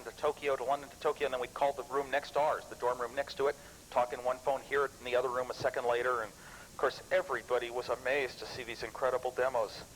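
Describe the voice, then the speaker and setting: A man in his thirties giving an animated, rambling talk of anecdotes to a live club audience, often restarting his sentences. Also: mid-range voice, slight background noise, rough recording. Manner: lively storyteller, animated and chuckling. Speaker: guest speaker at a computer club.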